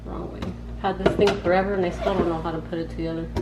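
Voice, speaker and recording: This cooking vlog host talks fast in a fairly low voice with little pitch movement, and the audio sounds dull. She chats casually and slangily to her viewers from her home kitchen, where the room echoes and there's background noise.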